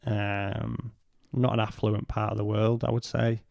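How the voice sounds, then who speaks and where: A man, a podcast guest, telling a personal story in a halting way and retelling what was said in his own words. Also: lowish voice, level tone, gravelly, a little mellow, dry recording, clean studio sound.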